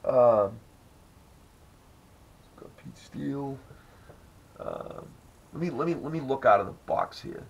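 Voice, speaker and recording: A man's voice: mid-range voice, lively intonation, slow, gravelly, pauses often, husky, muffled recording. A man hosting a podcast, telling rambling, profane stories in casual chat. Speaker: podcast host.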